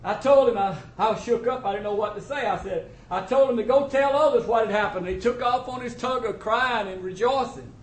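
Speaking a little fast with few pauses, a very high-pitched man delivers a testimony sermon to his church in plain, country-style grammar. The room's echo and faint ambience come through.

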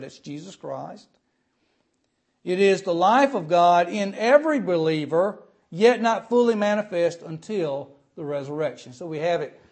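A pastor preaching a sermon. He speaks earnestly, often says "uh" and repeats words, and reads scripture slowly and with emphasis. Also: fairly high pitch, a little mellow.

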